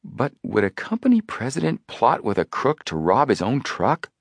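A man reading the part of an eager, excitable teenage boy detective in a storybook. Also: medium pitch, moderate pace, vocal fry, slightly rough, no room sound, studio quality, voice pushed up, exaggerated voice. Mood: thoughtful.

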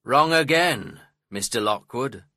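A man voicing a gruff, scornful older male landowner in a storybook reading, speaking slowly, coldly and fiercely. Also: mid-range voice, expressive, pushed and bright, dry recording, clean studio sound. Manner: slow, fierce, cold.

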